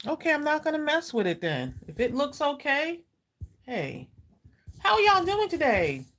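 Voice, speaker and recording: A woman's voice: sits high, wildly swooping pitch, moderate pace, a bit bright, slight background noise. A woman hosting a live crafting stream, chatting casually with viewers, greeting them by name and saying "y'all" a lot. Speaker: craft livestream host.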